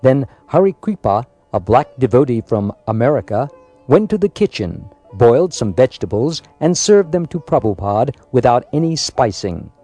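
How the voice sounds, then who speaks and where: A man reading a biographical story aloud in a measured, scripted narration. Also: mid-range voice, sing-song, warm tone, faint music behind. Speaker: audiobook narrator.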